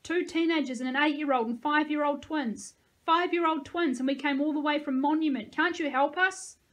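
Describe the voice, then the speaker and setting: A woman's voice: on the high side, fairly even intonation, normal speed, natural voice. A woman reading aloud, voicing a desperate teenager who pleads and screams for help.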